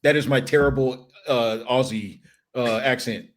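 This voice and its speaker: A man's voice: medium pitch, measured pace. A man guest on a sports podcast, talking emphatically in casual chat with frequent restarts and asides.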